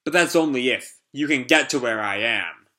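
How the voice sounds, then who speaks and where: A man reading the lines of a calm, condescending female pirate captain. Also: medium pitch, normal speed. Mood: cool.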